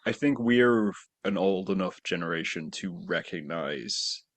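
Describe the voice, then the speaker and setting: A man's voice: sits low, expressive, a little slow, no echo. A middle-aged man hosting a casual podcast chat, agreeable and reflective, thinking aloud as he talks. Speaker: podcast host.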